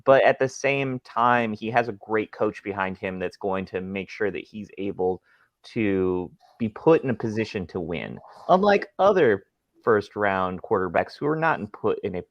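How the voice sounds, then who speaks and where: Man, low voice, opinionated podcast co-host, dead-dry lo-fi sound. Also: dry recording. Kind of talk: casual fantasy football chat. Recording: dry, muffled lo-fi mic.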